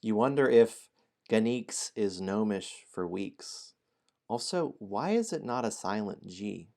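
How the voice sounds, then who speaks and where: Animated man hosting a game stream. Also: fairly low pitch, slow pace, creaky. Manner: playful, apologetic, laughs often. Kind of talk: casual stream chat and storybook narration.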